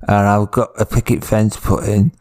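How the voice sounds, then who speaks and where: A man's voice: fairly low pitch, little pitch movement, normal speed, a little mellow, lightly acted. A man voicing a blunt, scrappy Victorian man with a Cockney accent, improvising in a comedy podcast. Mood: earnest. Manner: improvised, cheeky.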